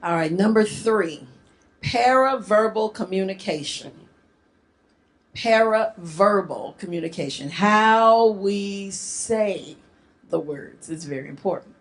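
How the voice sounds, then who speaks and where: A middle-aged woman from the northern US gives a marriage workshop talk to a live group, lively and joking in casual speech. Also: mid-range voice, takes it slowly. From northern United States.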